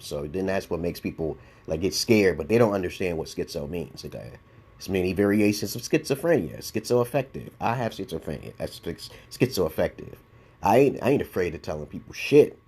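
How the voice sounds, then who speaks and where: A deep, husky, darkish voice belongs to a YouTube commentator in his forties from Brooklyn. In a casual response-video rant, he rambles bluntly in a New York accent, swearing freely and saying "okay?" again and again.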